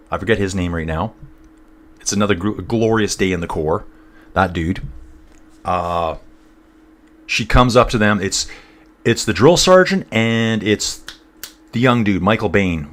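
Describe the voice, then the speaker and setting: A man's voice: fairly low pitch, fairly bright tone. A man giving casual live commentary on a cycling race, chatting and rambling with his viewers. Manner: chatty and rambling, talks to viewers as "guys" and "dude".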